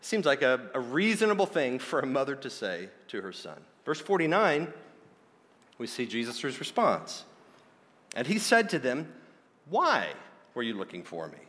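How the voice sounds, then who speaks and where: A man preaching a sermon, earnest and emphatic, slowing down to stress key points. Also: mid-range voice, very animated, a bit bright. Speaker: pastor. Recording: long hall reverb.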